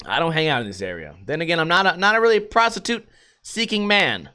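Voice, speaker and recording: A young man from the United States hosts a casual solo podcast, telling profane stories through bursts of laughter. His voice is high and bright, and his pitch swings widely. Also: big pitch swings, quick pace, clear, resonant tone. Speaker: podcast host.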